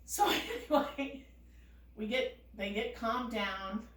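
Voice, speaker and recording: A woman telling a casual family anecdote, animated and often laughing as she talks. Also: on the high side, slow, roomy sound, far from the mic. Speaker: storyteller.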